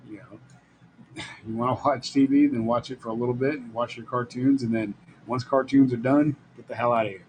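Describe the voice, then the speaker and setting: A man's voice: mid-range voice, fairly even intonation, fairly quick, dull audio, a little hiss or hum. A middle-aged man hosting a live stream, telling blunt, rambling stories in a casual way and laughing often. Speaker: live show host. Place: Las Vegas.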